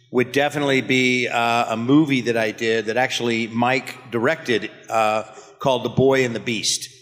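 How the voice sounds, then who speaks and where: Man telling a story in a hall. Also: medium pitch. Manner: relaxed anecdotal, laughing at his own story. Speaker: voice actor panelist. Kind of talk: convention panel storytelling. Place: convention panel room. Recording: echoey convention hall through PA.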